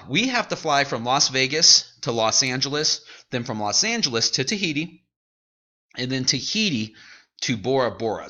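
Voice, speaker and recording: Bright, enthusiastic man explaining travel. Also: mid-range voice, muffled recording. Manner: enthusiastic, chatty, smiling. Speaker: travel points blogger. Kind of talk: casual explainer voice-over.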